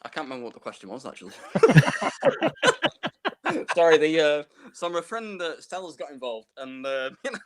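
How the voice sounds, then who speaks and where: A man's voice: a little high, huge pitch swings, moderate pace, long pauses. A man calling in to a quiz stream who is flustered and keeps apologizing. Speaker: caller to the quiz. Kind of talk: casual chat.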